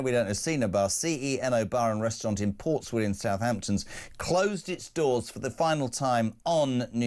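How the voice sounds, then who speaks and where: A man with an English accent hosts a radio and TV breakfast show, sounding blunt and indignant while tossing in joking asides. His voice is medium-pitched and a little mellow, suited to opinionated talk radio chat.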